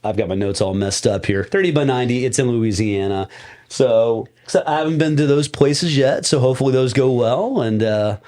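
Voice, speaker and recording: A relaxed male comedian co-hosting a podcast. He agrees readily and meanders through his thoughts, his voice sitting at a middle pitch. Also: moderate pace. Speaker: podcast co-host, touring comedian. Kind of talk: casual chat.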